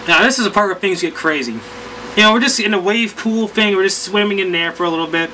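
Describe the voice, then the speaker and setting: High bright-voiced man rambling a story. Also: fast, slight background noise, low-quality recording. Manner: rambling, animated, lots of fillers. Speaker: vlogger. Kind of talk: casual storytelling recap.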